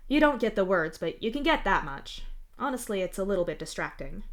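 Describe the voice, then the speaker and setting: A woman streamer reading fan fiction aloud live, in steady narration with the odd small restart. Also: mid-range voice, a little fast.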